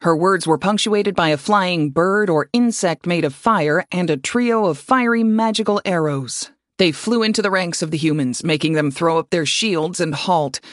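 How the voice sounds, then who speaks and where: A man's voice: fairly high pitch, no echo. Man narrating a fantasy audiobook, dry.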